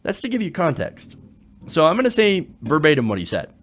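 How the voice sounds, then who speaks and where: Animated male political commentator. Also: fairly high pitch, fairly quick, a little hiss or hum. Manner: animated, indignant, with frequent "uh" fillers and restarts.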